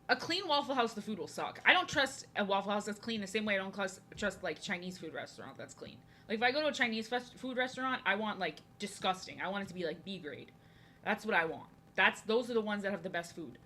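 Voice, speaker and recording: A woman's voice: medium pitch, pushed and bright. A young woman from New Jersey chatting casually while drawing on a live stream, rambling and repeating herself. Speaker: art streamer.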